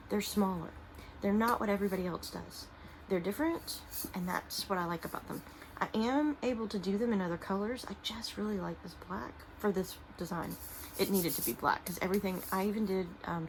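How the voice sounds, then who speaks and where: Lady rambling about her crafts, lots of ums and restarts, bit of gravel in her voice, faint hiss behind. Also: mid-range voice, rough recording. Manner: halting, many fillers and trailing restarts; soft-spoken and emotional at times. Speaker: small business owner and artist. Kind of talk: casual vlog talking to camera while showing products.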